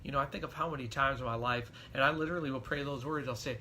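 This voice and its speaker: A man's voice: mid-range voice, fairly even intonation, racing, sharp tone, slight background noise. A middle-aged man, a pastor, giving a devotional sermon in an earnest, conversational storytelling way.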